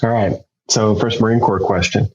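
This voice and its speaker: Low-voiced man on a dull lo-fi line. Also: fairly even intonation, moderate pace, breathy edge. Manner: rambling, self-correcting. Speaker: Marine team panel player. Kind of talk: casual game-show banter.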